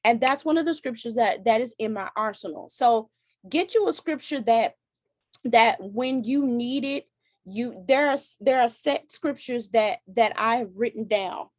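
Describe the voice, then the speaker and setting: A woman's voice: fairly high pitch, a little slow, dry recording, studio quality. A woman hosting a faith-based advice talk, earnest and candid, often restarting her sentences. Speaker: host.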